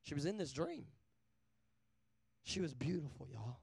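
High gravelly preacher. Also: male voice, animated, measured pace, dry recording. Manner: call-and-response, asking amen often; shifts between hushed and loud. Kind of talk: sermon.

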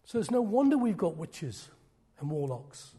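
A middle-aged man preaching a sermon, swinging from loud declarations to hushed, almost whispered lines. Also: fairly high pitch, big pitch swings, normal speed, husky.

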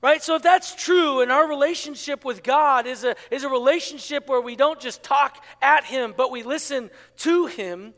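A man preaching as a pastor, animated, acting out inner voices and asking the congregation to answer back. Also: very high voice, moderate pace, few pauses. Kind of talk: sermon. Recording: long hall reverb.

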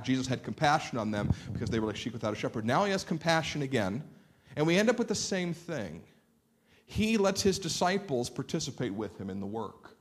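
Pastor guy giving a sunday sermon, earnest, mid pitch, repeats himself when he pushes a point.

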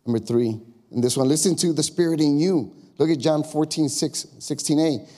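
A man's voice: a little high, normal speed, dark tone. A male pastor preaching a conversational sermon, acting out quoted questions in a raised voice.

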